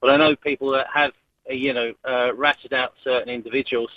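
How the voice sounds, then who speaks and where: A man's voice: mid-range voice, little pitch movement, fairly quick, no echo. A man calling in to a radio show, hesitant and restarting his sentences. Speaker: caller. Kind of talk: phone-in call. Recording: dull phone line.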